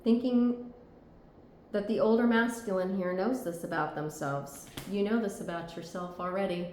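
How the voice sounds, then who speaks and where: A woman's voice: medium pitch, fairly even intonation, normal speed, a little mellow, a little hiss or hum. A woman giving a tarot reading, talking earnestly and reassuringly and often checking in with "okay?". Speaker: tarot reader. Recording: echoey room.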